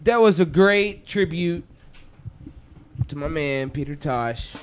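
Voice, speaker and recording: Upbeat, fairly high-voiced male radio host. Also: animated, slow, soft background music. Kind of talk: casual radio chat. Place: radio studio.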